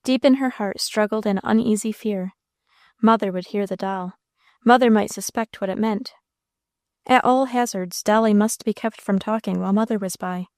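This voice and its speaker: A woman narrates a classic story in a gentle, measured way, at a middling pitch. Her voice sounds dry and close, with no room sound around it. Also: dry recording. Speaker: audiobook narrator.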